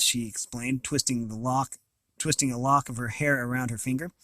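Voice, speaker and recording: A man's voice: medium pitch, steady tone, moderate pace, sharp tone, no echo. A man reading a novel aloud, with occasional slips and restarts. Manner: reads with small slips and restarts. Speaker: reader of an audiobook.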